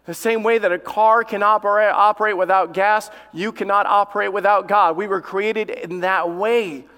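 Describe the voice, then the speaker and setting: Man, pastor, sermon, impassioned, repeats for emphasis, slightly high voice, long hall reverb. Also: fairly even intonation, normal speed, bright, forceful tone, smooth. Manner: tells family stories from the pulpit. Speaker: lead pastor.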